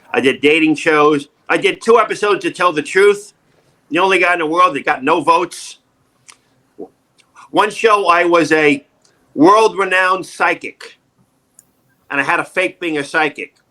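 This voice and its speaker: Guy in his sixties telling showbiz stories, kinda high bright voice, acts out what people said. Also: measured pace, pauses often, rough recording. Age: 60s. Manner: animated, acts out quoted voices loudly. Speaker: actor guest. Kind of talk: casual interview storytelling.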